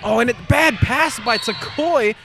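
A man calling live basketball play-by-play, excitable and rising to shouts on big plays. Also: very high voice, measured pace, music in the background. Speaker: play-by-play announcer.

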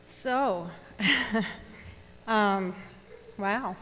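Woman, event host, halting intro, very slow, echoing hall. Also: mid-range voice, a bit bright, some chatter behind, slight background noise. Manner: hesitant, halting.

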